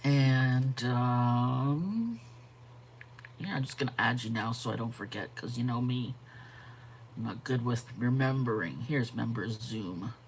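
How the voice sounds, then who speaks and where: A woman hosting a live art stream, chatting casually, greeting viewers by name and pausing to yawn and correct herself. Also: very deep voice, a little hiss or hum. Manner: frequent yawns and self-corrections. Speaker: art channel host.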